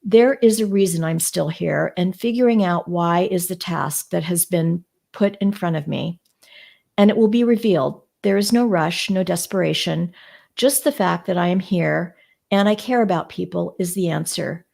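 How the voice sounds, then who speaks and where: Gravelly woman reading aloud. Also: fairly low pitch, normal speed, mellow. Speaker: book club panel reader.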